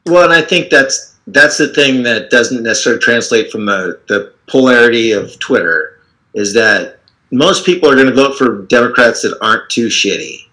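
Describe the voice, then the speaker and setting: A man hosting a loose political talk show over a video call, answering his guest in an easy, offhand way. His voice is bright and somewhat sharp. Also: mid-range voice, normal speed, poor audio. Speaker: host.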